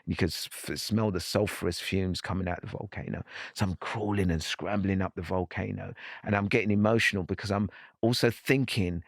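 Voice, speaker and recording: Deep-voiced guy on a podcast, earnest and reflective, keeps restarting his sentences, dry close sound. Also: fairly even intonation, brisk, creaky, no room sound. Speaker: podcast guest. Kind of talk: personal storytelling in conversation.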